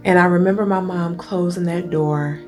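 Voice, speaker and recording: A woman's voice: lowish voice, steady tone, moderate pace, darkish tone. Teary middle-aged woman telling a heartfelt story. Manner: heartfelt, talks straight to her viewers. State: holding back tears. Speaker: coach and video host. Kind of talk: emotional personal storytelling. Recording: guitar music playing behind.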